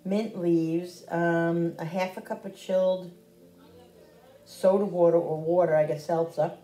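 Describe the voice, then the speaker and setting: A woman's voice: lowish voice, fairly even intonation, a little slow, dark tone, echoey room, poor audio. A middle-aged woman chatting casually to her viewers while cooking in her home kitchen. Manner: chatty, talks straight to viewers. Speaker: cooking vlogger.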